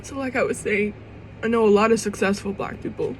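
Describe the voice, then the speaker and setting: A woman's voice: medium pitch, steady tone, fairly quick, a little hiss or hum, low-quality recording. A young woman vlogging to camera in an emotional personal monologue. She rambles and restarts, swears casually, and fights back tears.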